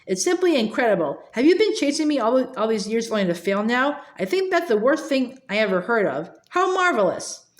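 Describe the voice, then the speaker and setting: A woman's voice: a little high, sing-song, a little fast, hardly any pauses, roomy sound. A woman voicing a cruel, mocking middle-aged nobleman who sneers at a wounded swordsman. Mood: gloating. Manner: sneering, gloating.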